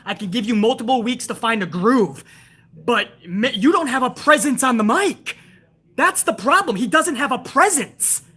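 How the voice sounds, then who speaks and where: Brief: profane, incredulous female host woman ranting at a live chat, husky and fairly high. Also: expressive, moderate pace, fairly bright tone. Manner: reads out and answers chat viewers. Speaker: show host. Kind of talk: heated wrestling show rant to a live chat.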